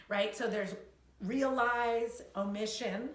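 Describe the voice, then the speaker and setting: Animated woman in an echoey room. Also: mid-range voice, moderate pace. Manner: animated, acts out quoted voices, swears freely. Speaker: co-host, coach. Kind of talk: live-streamed casual talk.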